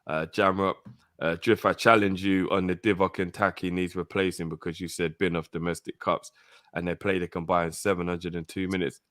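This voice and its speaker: A man co-hosting a football fan call-in show, laid-back and slangy, giving shout-outs. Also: low-pitched, level tone, a little fast, no room sound, clean studio sound. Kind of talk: casual chat.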